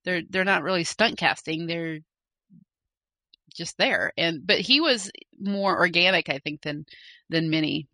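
A woman co-hosting a casual podcast, talking in a loose, rambling way full of fillers and restarts. Her voice sits a little low but sounds bright and forward. The sound is dry and close, with no room around it. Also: measured pace, no echo. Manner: chatty, rambling with fillers and self-corrections. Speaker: podcast co-host. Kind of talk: casual chat, reading listener mail.

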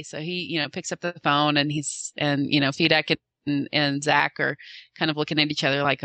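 A woman eagerly retelling a convention panel in casual chat, acting out the quotes with lively voice changes. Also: low-pitched, normal speed, no room sound. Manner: animated, acts out quotes with shifting voices. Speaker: fan recounting a convention panel.

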